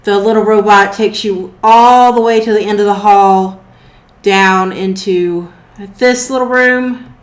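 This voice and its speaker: A woman narrates as game master, laying out scenes at an easy pace with small fillers. Her voice sits at an ordinary pitch, and the room around her rings a little. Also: takes it slowly, roomy sound. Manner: relaxed, descriptive, with fillers.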